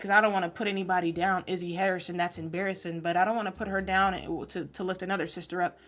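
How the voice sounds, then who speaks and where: Animated woman giving slangy reaction commentary. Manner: animated, slangy, swings between loud outbursts and low mutters. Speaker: sports reaction channel host. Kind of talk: casual live reaction commentary.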